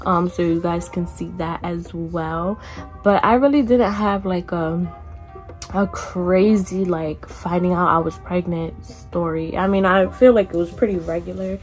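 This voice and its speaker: A woman's voice: fairly low pitch, fairly even intonation, unhurried, a little mellow, faint music behind. A young woman vlogger telling a casual storytime, chatty, with lots of "like" and some casual cursing. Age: young adult.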